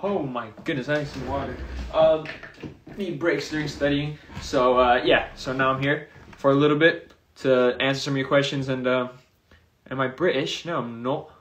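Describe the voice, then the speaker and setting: A man's voice: medium pitch, steady tone, normal speed, fairly bright tone, slight background noise. Chatty young man on a phone livestream. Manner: chatty and loose, reading out and reacting to comments. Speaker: streamer answering viewer comments. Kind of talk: casual livestream chat.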